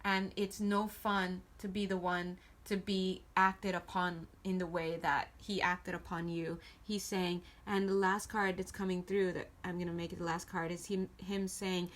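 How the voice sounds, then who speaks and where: A woman giving a casual tarot reading to camera, chatty and playful and warmly encouraging toward her viewers. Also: on the low side, flat delivery, measured pace, few pauses. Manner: chatty and playful, giggles often. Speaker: tarot reader.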